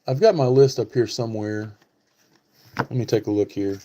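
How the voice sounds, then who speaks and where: A man's voice: mid-range voice, normal speed, mellow, a little hiss or hum. A man hosting a casual live stream, talking to viewers by name and thinking aloud with many fillers. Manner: talks back to chat viewers by name.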